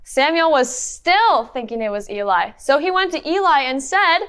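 A woman narrating a Bible story for children in a clear, encouraging teacher tone. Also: high-pitched, sing-song, normal speed, fairly bright tone. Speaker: children's Bible lesson leader. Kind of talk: interactive Bible storytelling for kids.

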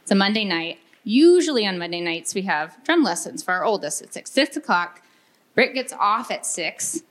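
A woman in her thirties telling an audience a candid, animated story from her own family life. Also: mid-range voice, moderate pace. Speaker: workshop speaker.

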